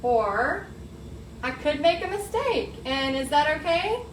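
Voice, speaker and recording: An upbeat woman with a high, bright voice chats her way through a live painting lesson. She sounds a little roomy, with an echo off the walls and a faint hiss of noise underneath. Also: big pitch swings, slow. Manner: upbeat, chatty, talks to viewers as "y'all". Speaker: painting tutorial host. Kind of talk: live painting tutorial, chatty. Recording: echoey room, faint background noise.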